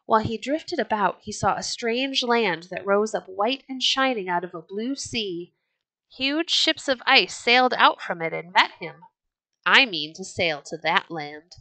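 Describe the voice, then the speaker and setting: A woman's voice: mid-range voice, expressive, measured pace, bright, forceful tone, dry recording, rough recording. A woman reading the lines of a bold, hot-tempered but jovial red-bearded Viking chieftain in a hearty, boastful storybook manner. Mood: rousing.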